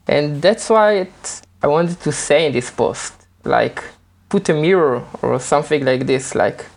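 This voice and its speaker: A man's voice: on the high side, animated, measured pace, vocal fry. A man answering as a guest in an interview, hesitant and repeating words as he searches for phrasing. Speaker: guest, developer. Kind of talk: casual interview.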